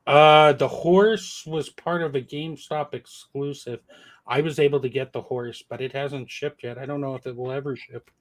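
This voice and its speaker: A man's voice: mid-range voice, fairly even intonation, normal speed. A man co-hosting a casual chat about comics, with dry, teasing jokes. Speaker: podcast co-host.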